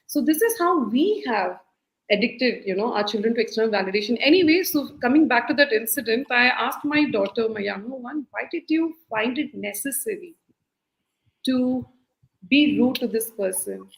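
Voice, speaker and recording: A woman's voice: a little high, moderate pace, gravelly, roomy sound, low-quality recording. A woman, a life skills coach, giving earnest parenting advice over a video call and acting out quoted voices. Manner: animated, acts out quoted voices, repeats key phrases. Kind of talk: earnest advice talk in a live-streamed interview.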